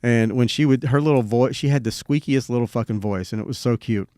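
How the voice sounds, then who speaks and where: A man's voice: medium pitch, a little fast, warm tone, no room sound, clean studio sound. A middle-aged man co-hosting a podcast, telling a personal story in a laid-back, rambling way and swearing freely. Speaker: podcast co-host. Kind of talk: casual storytelling chat.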